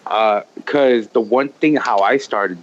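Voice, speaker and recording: A man's voice: lowish voice, slow pace. A man with a Midwestern accent, a podcast guest talking candidly and earnestly, often restarting his sentences. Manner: earnest, heartfelt, many "like" fillers and restarts. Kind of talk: candid conversational storytelling. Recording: dull lo-fi with faint noise.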